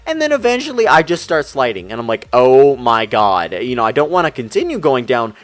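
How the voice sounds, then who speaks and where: A young man telling a story over gameplay commentary, rambling and excitable, talking fast. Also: a little high, dry recording. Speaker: gaming YouTuber. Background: faint music.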